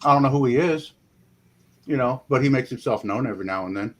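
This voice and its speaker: This guest is a paranormal investigator with a mid-range male voice. His casual interview answers wander in a folksy manner, studded with "you know."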